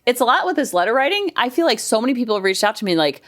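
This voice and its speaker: A woman's voice: sing-song, racing, hardly any pauses. Chatty upbeat woman podcast host. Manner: chatty, upbeat, acts out quotes in lower voice. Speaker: podcast host, counselor and life coach. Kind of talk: casual chat.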